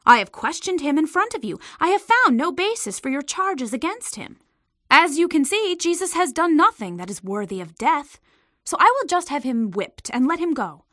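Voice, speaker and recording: An exasperated Roman governor pleads his case in a raised, bright voice, as a woman puts him on while reading the story. The lively pitch swings up on every point, and the sound is close and dry. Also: moderate pace, no echo. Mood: insistent. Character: Roman governor, grown man, insistent and exasperated.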